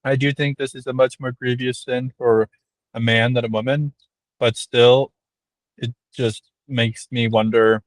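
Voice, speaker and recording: A man's voice: medium pitch, level tone, a little slow, no room sound. A man chats casually over a video call. He muses at length with many fillers. His mid-range voice comes through dry and close. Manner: reflective, rambling with many "like"s. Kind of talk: casual panel chat.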